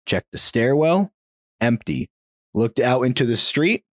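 A man hosting a podcast tells a spooky story casually and with animation, chuckling now and then. His medium-pitched voice keeps a measured pace, recorded in clean studio sound without echo.

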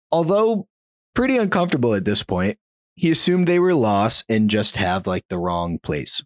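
A man relates a creepy tale to his co-hosts in an easy, chatty way. His pitch rises and falls a lot, and he laughs lightly between beats. The sound is dry and close, with no room echo. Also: measured pace. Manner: animated, chuckles while telling a spooky tale. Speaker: podcast host telling a story. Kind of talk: casual storytelling.

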